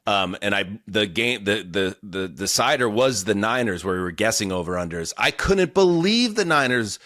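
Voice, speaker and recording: A man with a fairly low voice hosting a sports podcast. He rambles enthusiastically and often restarts his sentences. The recording is dry and close. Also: expressive, normal speed, fairly bright tone, no room sound. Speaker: podcast host. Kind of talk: casual sports chat.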